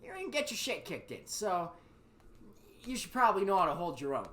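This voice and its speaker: A man in his thirties tells profane stories on a podcast, with a bright, forward tone. His voice leaps up and down in pitch as he throws himself into quoting people in loud, raised voices. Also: a little fast. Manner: profane, animated, acts out quotes in raised voices. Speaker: podcast host. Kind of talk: casual storytelling chat.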